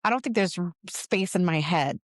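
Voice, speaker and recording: A woman co-hosting a casual spiritual podcast, telling stories in an animated way and acting out the quotes. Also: fairly low pitch, moderate pace, dry recording, studio quality. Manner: animated storyteller, acts out quotes, laughs often. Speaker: podcast co-host.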